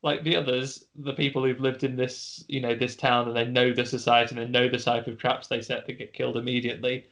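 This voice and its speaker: A man's voice: medium pitch, level tone, brisk, few pauses, fairly bright tone. Rambling man recapping a film. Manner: rambling retelling with restarts and laughs. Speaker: podcast co-host.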